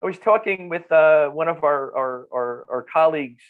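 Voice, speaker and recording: North jersey guy in his 50s, kinda high voice, talks with lots of energy and repeats himself, muffled lo-fi audio. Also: normal speed. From New Jersey. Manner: animated, repeats words as he talks. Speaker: guest nutritionist. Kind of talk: casual podcast interview.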